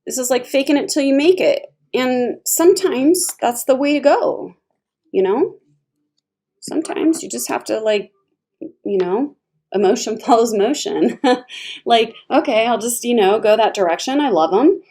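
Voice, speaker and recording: A woman gives a casual tarot reading in a mellow, warm voice. She is chatty and expressive, laughing often and talking as if to a friend. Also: on the high side, unhurried. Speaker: tarot reader.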